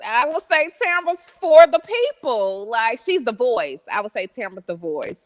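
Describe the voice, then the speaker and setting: A woman as an interview guest, chatting casually, laughing often and answering slowly with fillers. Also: on the high side, sing-song. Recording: long reverb.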